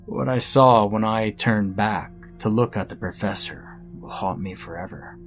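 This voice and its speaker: A man narrates a first-person horror story with dramatic, scripted delivery. His voice sits on the lower side and carries the tension of each scene. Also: unhurried, soft background music.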